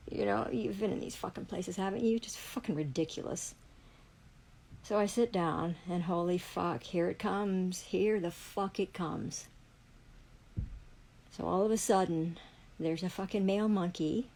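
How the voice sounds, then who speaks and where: Furious, profane woman, gravelly. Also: mid-range voice, dark tone, rough recording. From Canada. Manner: heavily profane, furious ranting. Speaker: livestreamer. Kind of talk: angry livestream rant.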